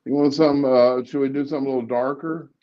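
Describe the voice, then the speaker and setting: A man's voice: mid-range voice, fairly even intonation, quick pace. A man with a Southern drawl chats bluntly about the news, tripping over his words and restarting sentences. His audio is dull and lo-fi. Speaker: co-host, cartoonist. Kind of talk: casual political chat.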